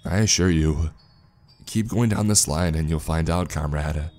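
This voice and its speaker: A man voicing a calm, composed, big male soldier with a put-on funny accent, speaking in a measured, quietly menacing way. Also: very deep voice. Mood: calm threat.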